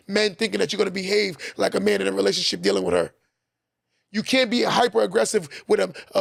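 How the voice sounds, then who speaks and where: A man hosts a podcast and lectures his listeners on relationships, hammering each point home by saying it again. His voice sits high and is thick with gravel. The sound is close and dry, with no room around it. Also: no echo. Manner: preachy, repeats points for emphasis. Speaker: podcast host. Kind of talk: advice talk to listeners.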